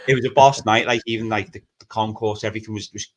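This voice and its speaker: A man, telling an excited anecdote in a casual podcast chat. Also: on the low side, fairly quick.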